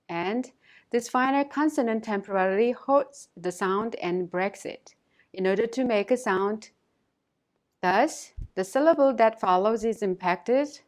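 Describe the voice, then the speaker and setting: A woman teaching a language course in a scripted, instructional delivery, carefully modelling pronunciation and repeating words for learners. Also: mid-range voice.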